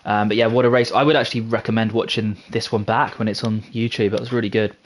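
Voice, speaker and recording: A man's voice: on the low side, flat delivery, a little hiss or hum. A man giving upbeat post-race commentary, reading out the finishing order and thanking viewers. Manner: upbeat, reads results in a quick list.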